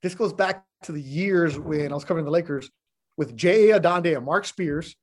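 Middle-aged sports guy on a podcast, fairly high voice, blunt, animated, swears a bit. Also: normal speed. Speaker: sports broadcaster, podcast guest. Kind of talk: casual chat.

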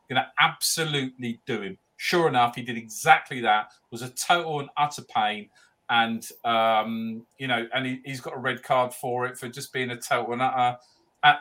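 A man's voice: mid-range voice, bright, forceful tone. A man talking football on a fan podcast, blunt and rambling, with frequent stammers and restarts. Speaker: podcast panelist. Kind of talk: casual chat.

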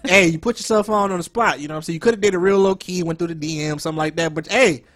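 A man's voice: high-pitched, rapid-fire, a bit bright. A man hosting a radio show, talking in loose, joking slang with callers and his co-host. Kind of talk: casual radio banter.

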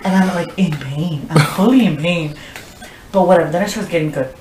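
A young woman with a fairly low voice chats casually, laughing and swearing as she tells her story, her talk full of "like". She sits back from the mic in an echoey room, with a faint hiss underneath. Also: fairly quick, recorded from a distance. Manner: laughing, profane, lots of filler "like". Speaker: podcast guest telling a story. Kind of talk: casual chat.

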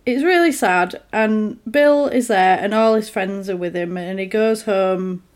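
A woman on a podcast, casually recapping a horror film and acting out the characters in quick quoted voices. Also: medium pitch. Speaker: podcast co-host.

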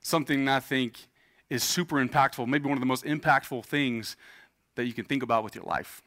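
A man's voice: medium pitch, fairly quick, fairly bright tone. A man in his thirties, a pastor preaching a sermon in a casual, joking way, telling personal stories to a church congregation. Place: church stage before a congregation.

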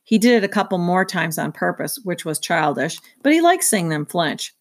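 Woman, lowish voice, reading a children's chapter book aloud, steady and even. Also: normal speed. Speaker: reader.

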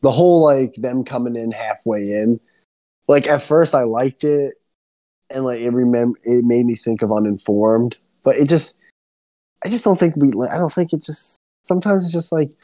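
A young man co-hosting a podcast, ranting excitedly and swearing a lot in casual chat. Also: moderate pace. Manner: excitable ranting, heavy swearing, swings up high when worked up. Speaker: podcast co-host.

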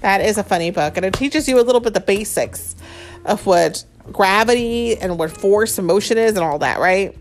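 A woman reading a picture book aloud to a child, animated and chatty, often laughing and stopping to talk with the child. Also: mid-range voice, moderate pace, faint music behind. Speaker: storybook reader.

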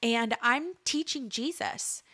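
A woman's voice: a little high, lively intonation, takes it slowly, sharp tone, no room sound. A woman in her thirties giving an earnest preaching testimony, building emphasis through repeated phrases. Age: 30s. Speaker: speaker sharing a faith testimony.

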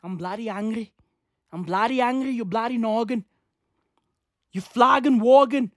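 A woman's voice: fairly high pitch, normal speed, dry recording, studio quality, close to an everyday voice. A woman putting on a mangled mock accent to play an angry Irish man.

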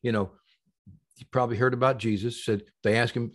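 Male podcast guest, healing practitioner, emphatic storyteller, swings loud to soft, mid-pitched. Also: fairly even intonation, normal speed. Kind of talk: casual interview talk.

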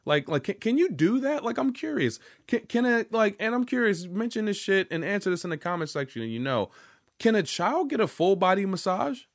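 In a dry, studio-quality recording, a young vlogger with a high-pitched, very animated voice talks briskly to the camera. His storytelling monologue is casual, loose and rambling, full of profanity, restarts and fillers.

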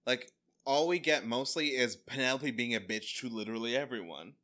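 Bright-voiced man hosting a chatty podcast. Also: medium pitch, brisk. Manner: rambling, joking, paraphrases scenes. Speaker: podcast host. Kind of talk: casual chat recapping a TV episode.

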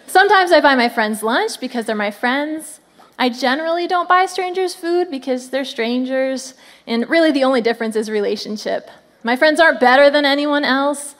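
Woman, 30s, high voice, animated family sermon with crowd call-outs. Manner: animated, frequent "come on" calls to the crowd. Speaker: children's ministry speaker.

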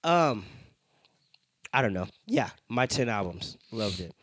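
Male comedian in his thirties, animated up-and-down delivery, easy laugher. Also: on the low side, breathy edge, no echo, clean studio sound. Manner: chatty, quick to laugh. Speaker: comedian guest. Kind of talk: casual podcast chat.

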